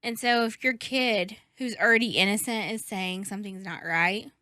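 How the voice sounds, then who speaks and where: A young woman talks casually on a podcast in a bright, lively-toned voice, emphatic and frank, with the odd swear word. The sound is close and dry. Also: medium pitch, normal speed, dry recording. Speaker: podcast co-host. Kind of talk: casual chat.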